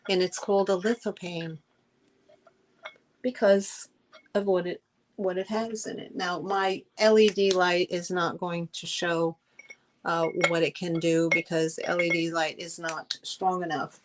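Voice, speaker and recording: A woman's voice: lowish voice, fairly even intonation, a little slow, slight background noise. A middle-aged woman hosting a live-stream sale, chatting effusively with viewers, with many fillers and restarts. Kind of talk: live-stream selling chat.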